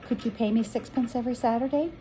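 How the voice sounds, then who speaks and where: A woman's voice: a little high, fast talker, dark tone, slight background noise, pitched above the performer's own voice, lightly acted, rough recording. A woman reading aloud from a storybook, voicing a kindly older woman who keeps a sweet shop, with a homely, motherly manner.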